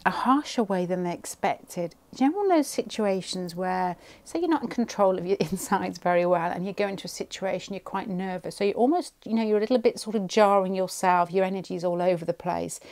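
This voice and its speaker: At home, a woman does a pick-a-card tarot reading, thinking out loud and rambling as she goes. She frequently stops mid-sentence and starts over. Her mid-range voice has a darkish tone, and she speaks fairly quickly with few pauses.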